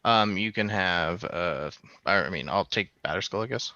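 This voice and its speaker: A man plays a card game, announcing his moves in a terse, matter-of-fact way. His voice is low but carries a forceful, bright edge. It comes through a dull, lo-fi mic. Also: a little slow. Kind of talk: casual tabletop play talk.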